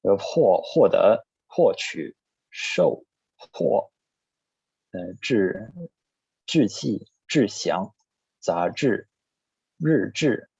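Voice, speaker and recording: A man teaching a recorded language lesson, reading word lists one item at a time in a plain, steady way. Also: fairly low pitch, drawn-out words, vocal fry, long pauses, husky, no echo. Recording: slightly dull lo-fi recording.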